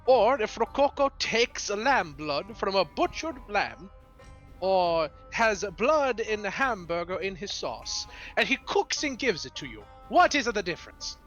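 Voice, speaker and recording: A man's voice: high voice, sing-song, measured pace, fairly bright tone, highs cut off, faint music behind, voice pushed up, full character voice. A man voicing a short, proud mobster chef who serves demon lords, with theatrical mock-Italian flourish. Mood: indignant.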